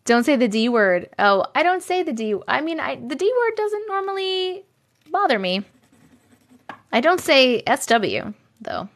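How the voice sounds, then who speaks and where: A bubbly woman in her thirties hosts a casual live stream from home. Her voice sits high and swoops up and down constantly as she reads comments and thanks viewers. She talks in a loose, chatty way. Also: very animated, unhurried. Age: 30s.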